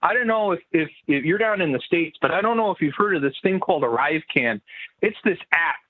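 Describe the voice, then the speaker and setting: A man's voice: a little high, lively intonation, brisk. A man calling into a talk show, rambling and stumbling over his words with constant "you know"s. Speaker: phone-in caller. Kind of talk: call-in talk show chat. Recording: tinny phone line.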